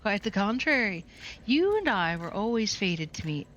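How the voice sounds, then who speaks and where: A solemn cosmic entity, the end of time itself, speaking in grave, measured pronouncements, as a woman puts it on. The voice stays bright and close to her own. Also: medium pitch, sing-song, lo-fi sound, a little hiss or hum.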